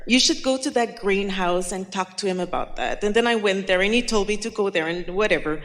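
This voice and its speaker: A woman in a seminar audience telling a personal story and asking a question, halting and full of fillers. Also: medium pitch, expressive. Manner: halting, with many fillers and restarts. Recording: long reverb of a large hall.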